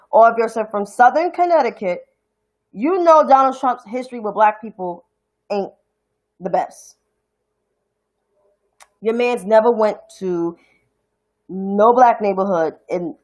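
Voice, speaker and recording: A woman with a New York accent hosts a livestream in a fairly high voice. She talks casually and bluntly, swears freely, and sounds fed up. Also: highs cut off. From New York City (Harlem). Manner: blunt, profane, indignant ranting. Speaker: commentary show host.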